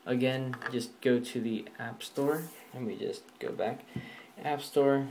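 A man's voice: medium pitch, steady tone, slow, darkish tone, slight background noise. A man vlogging a casual walkthrough of a phone app, talking offhand and rambling, with fillers and the odd swear word. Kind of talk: casual screen-recording walkthrough.

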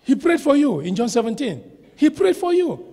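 A man preaching a sermon as a pastor, shouting some lines and slowing hard on others. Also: very high voice, very animated. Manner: preaching with sudden shouts and dramatic slow stretches. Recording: long hall reverb.

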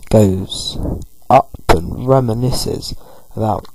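A man's voice: on the low side, takes it slowly, gravelly, background noise. A man giving casual let's-play commentary, loosely narrating the game and paraphrasing characters with "he's like.". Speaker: gameplay commentator.

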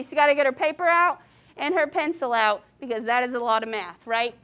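A woman teacher reading a picture book aloud to children, lively and asking the class questions along the way. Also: high-pitched, brisk.

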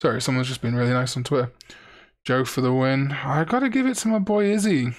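A man's voice: medium pitch, a little fast. A young man from Wales, casually chatting on a live stream, reading out chat and joking around. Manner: chatty, jokey, reads chat aloud.

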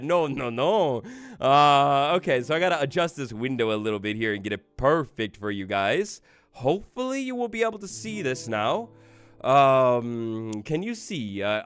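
A young man streams a game live, his voice jumping up and down in pitch as he rambles and talks straight to his chat. He speaks in a loose, casual way, with faint music playing behind him. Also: a bit bright, dry recording, studio quality.

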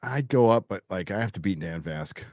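Middle-aged male host, joking and lively, dry close mic. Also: deep voice, brisk, no room sound. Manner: joking, teasing, with frequent laughs. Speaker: podcast host. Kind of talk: casual live-stream chat.

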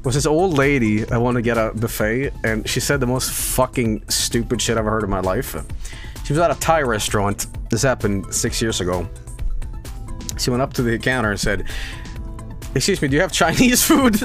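A man streaming live, chatting casually and excitably, swearing and laughing often. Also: mid-range voice, a little fast, faint music behind.

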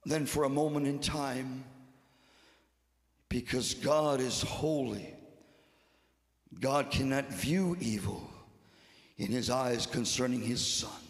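A man preaching a Good Friday sermon in a church sanctuary, swinging from hushed whispers to shouted exhortation and repeating short phrases for emphasis. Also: medium pitch, slow, long pauses. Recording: long church reverb.

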